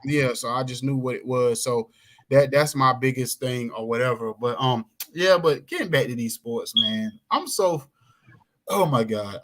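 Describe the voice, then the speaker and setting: A middle-aged man, chatting casually as a podcast guest and acting out the voices of people in his stories. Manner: animated storyteller, acts out quoted voices, swings pitch widely. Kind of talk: casual chat.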